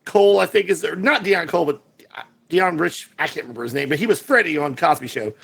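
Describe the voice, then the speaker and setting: A man co-hosting a casual movie podcast, talking in animated bursts that jump from high excited peaks to low asides. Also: fast, gravelly, breathy edge. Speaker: podcast co-host.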